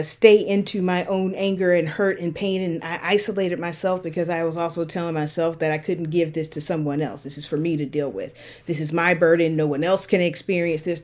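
Woman podcast host, lower register, earnest and impassioned solo talk. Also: darkish tone. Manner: earnest, impassioned, rising to anger. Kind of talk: reflective solo podcast monologue.

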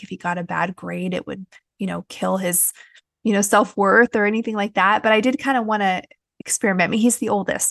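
A woman's voice: mid-range voice, creaky, fairly bright tone, dry recording, clean studio sound. A woman, hosting a podcast and telling a personal story in a frank, chatty way with many fillers. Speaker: podcast host. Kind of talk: candid personal podcast talk.

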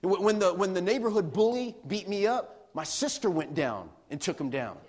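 A man's voice: sits high, animated, normal speed, darkish tone. A middle-aged man, a pastor, telling a personal story in a sermon with laughter and acted-out quotes.

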